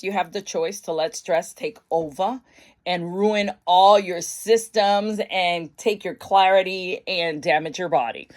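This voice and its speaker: A woman's voice: mid-range voice, a little mellow. A middle-aged woman vlogging casually into her phone about mental wellness, bubbly and chatty. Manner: bubbly, chatty, bursts into laughs and shrieks. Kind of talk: casual chat to camera. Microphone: phone camera.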